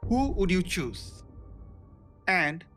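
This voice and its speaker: A man's voice: high-pitched, lively intonation, slow pace, a bit bright, soft background music. A man interviewing a guest, asking brief, prompting questions.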